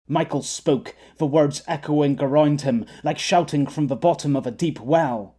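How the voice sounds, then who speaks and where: A man narrating an audiobook in a measured storytelling manner. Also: on the high side, warm tone. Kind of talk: scripted narration.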